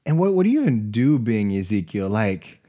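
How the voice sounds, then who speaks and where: A man's voice: lowish voice, very animated, a little fast, dark tone. A man co-hosting a casual Bible study podcast, reading scripture aloud and then chatting with easy laughs. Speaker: podcast co-host.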